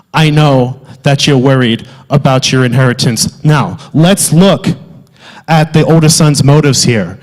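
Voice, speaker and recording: A man playing a loud, wisecracking South Philly alter ego with a thick Philadelphia accent, delivering a comic sermon. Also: on the high side. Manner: exaggerated, wisecracking, loud street-corner banter. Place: theatre stage. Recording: long hall reverb.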